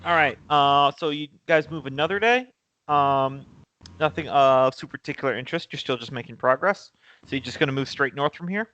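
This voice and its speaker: A man's voice: mid-range voice, brisk, bright, forceful tone, highs cut off. A man acting as game master, talking casually and jokily and swearing offhand as he runs a tabletop game. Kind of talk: running a tabletop game over voice chat.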